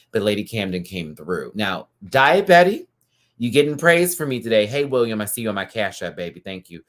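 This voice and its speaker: Casting: campy man, lively singsong delivery, live-stream reviewer talking to chat. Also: on the low side. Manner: animated and campy, quick asides to the chat. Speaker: YouTube host reviewing a TV show.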